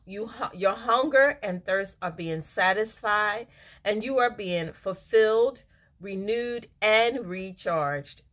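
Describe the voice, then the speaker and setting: Here a middle-aged devotional speaker with a lowish, slightly bright voice reads the day's devotional. Her reflections come across as casual yet earnest and emotional, and laughter comes readily to her.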